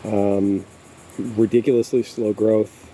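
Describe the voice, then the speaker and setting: A man's voice: lowish voice, level tone, takes it slowly, dark tone, low-quality recording. A man giving a casual, rambling tour of his backyard garden outdoors, hesitating often with fillers. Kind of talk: casual walking tour narration. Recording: faint outdoor insect noise.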